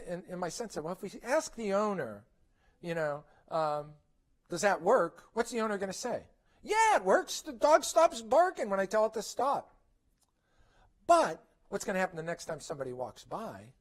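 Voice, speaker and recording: With a voice that sits high, a middle-aged man lectures parents at a conference in a conversational manner. Rhetorical questions come often, as do check-ins of "okay?".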